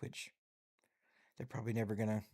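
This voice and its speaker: A man's voice: lowish voice, flat delivery, a little fast, a little mellow. A man hosting a live stream, casually chatting and reading headlines aloud with musing asides.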